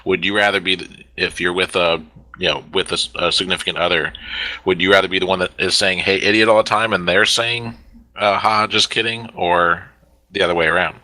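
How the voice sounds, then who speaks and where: A man's voice: low-pitched, steady tone, a little fast, sharp tone, rough recording. A man on a podcast panel in casual chat, posing follow-up questions and laughing at his own jokes.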